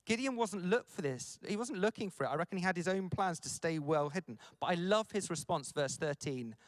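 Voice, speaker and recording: Male preacher, high-ish voice, dry close sound, playful delivery. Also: brisk, no echo. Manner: animated, jokey, acts out quoted lines. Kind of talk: conference sermon.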